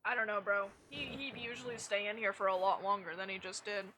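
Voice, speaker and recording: Young woman, game streamer, loose sweary chatter, bright, crisp tone. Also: medium pitch, fairly even intonation, a little fast, slight background noise. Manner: chatty, self-mocking, swears freely. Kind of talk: casual gameplay chat.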